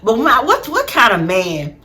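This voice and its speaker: An animated woman hosting a casual reality-show recap, full of slang and quick laughter. Her voice sits a little high and rings bright and sharp. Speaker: vlog host.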